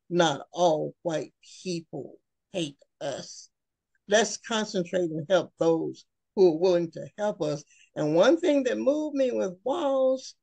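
A woman giving an earnest, emotional personal talk at a webinar, speaking slowly with pauses. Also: medium pitch, creaky, darkish tone, no echo.

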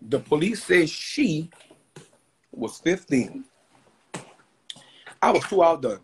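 A man telling a dramatic story to his viewers in a loud, slangy rant that bursts into shouting. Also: fairly high pitch, big pitch swings, slow pace, slight background noise.

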